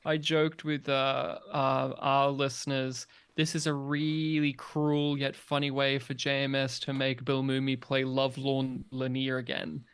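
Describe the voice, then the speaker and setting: Male co-host, jokey and animated, smooth clear voice, casual fan chat. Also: medium pitch, a little slow, few pauses. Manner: animated and joking, acts out quoted lines. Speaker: podcast co-host.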